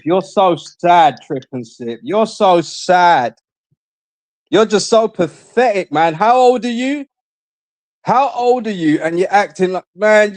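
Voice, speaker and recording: A high-voiced man appears as a guest on a live stream, in a dry recording with no echo. In casual chat he taunts, trash-talks and boasts, repeating himself mockingly.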